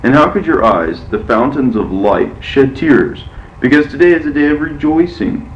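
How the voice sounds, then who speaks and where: A man's voice: mid-range voice, normal speed, slight background noise, voice pushed up, lightly acted. A man reading as an aged, anxious wife. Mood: insistent. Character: aged matriarch, anxious then insistent wife. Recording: echoey, muffled, from far off.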